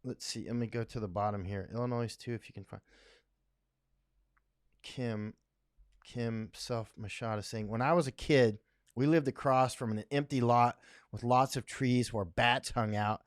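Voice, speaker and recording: A man's voice: mid-range voice, steady tone, moderate pace, no echo, studio quality. A man from Florida hosting a casual livestream, rambling and chatty, reading viewer comments aloud with many fillers. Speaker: livestream host reading chat. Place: home in Thailand.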